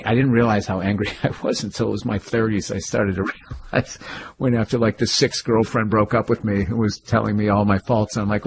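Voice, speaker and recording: A middle-aged man, a comedian guest, talking in animated, swearing, rambling rants. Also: lowish voice, brisk, slight background noise. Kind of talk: casual interview chat.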